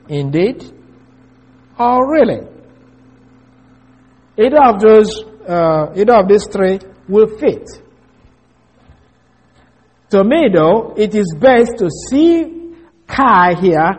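A man with a notably high, husky voice delivers an expository Bible lesson. He speaks in a measured, deliberate way. He spells out words and repeats key phrases so listeners can follow along. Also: darkish tone. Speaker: preacher.

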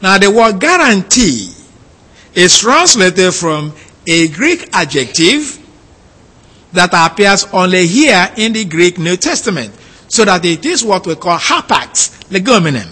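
A man's voice: sits high, big pitch swings, a little slow, bright, forceful tone, slightly rough. A man teaching a methodical lecture on scripture, explaining points carefully and repeating key phrases. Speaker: Bible teacher.

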